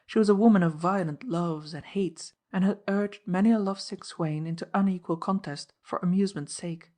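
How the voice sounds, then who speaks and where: With a fairly low pitch, a woman delivers scripted audiobook narration in a steady, measured reading.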